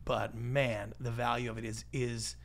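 Animated, gravelly storyteller man. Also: mid-range voice. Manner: animated storyteller, acts out quoted voices, quick asides. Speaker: podcast guest, pitching expert. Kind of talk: casual interview talk.

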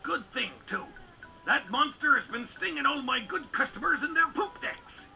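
An actor playing a gruff old crab man who is a ship captain and shop owner, with gravelly, salty sailor talk in a video game cutscene. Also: very high-pitched, animated, moderate pace, sharp tone, soft background music, heavily acted. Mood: hearty.

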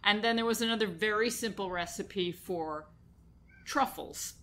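Female radio food host, New York accent, relaxed chatty delivery, average pitch. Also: measured pace, a little hiss or hum. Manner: chatty, laughs easily, lists ingredients. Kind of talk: casual chat about food. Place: radio studio.

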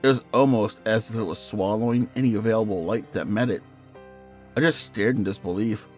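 A man narrating a first-person horror story in a measured, hushed storytelling manner. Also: lowish voice. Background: faint music.

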